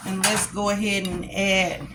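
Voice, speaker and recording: A woman chatting casually with her viewers from home as a cooking vlogger, addressing them directly and warmly as a group. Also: mid-range voice, little pitch movement, measured pace, echoey room, background noise. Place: at home while eating a meal.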